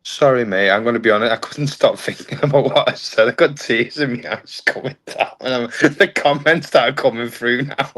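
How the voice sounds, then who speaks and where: A man's voice: medium pitch, moderate pace, few pauses, fairly bright tone. A man, a guest on a casual fan podcast, chatty and jokey.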